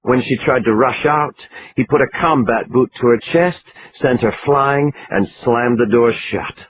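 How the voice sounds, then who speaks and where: A man reading a crime thriller audiobook in a dramatic, expressive way. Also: mid-range voice, measured pace. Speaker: audiobook narrator. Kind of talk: scripted narration. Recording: lo-fi phone-like line, faint hiss.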